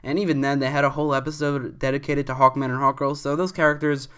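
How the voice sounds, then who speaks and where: A man's voice: medium pitch, little pitch movement, fast, fairly bright tone, smooth. A young man hosting a commentary video, giving rambling, opinionated takes with frequent restarts.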